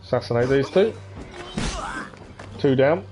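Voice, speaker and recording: A man's voice: medium pitch, expressive, measured pace, dull audio, over music. A man giving casual commentary on a live gameplay stream, thinking aloud as he plays. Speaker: game streamer.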